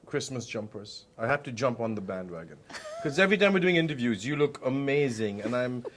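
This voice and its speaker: A man, an actor and guest in an interview, speaking in a light, playful way. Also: mid-range voice. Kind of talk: interview conversation.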